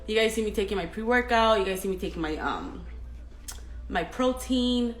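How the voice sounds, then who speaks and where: A young woman hosts a live stream in a medium-pitched voice with lively intonation and normal speed. Chatty and openly nervous, she reads viewer comments aloud and laughs between them; the recording has a roomy echo and faint music.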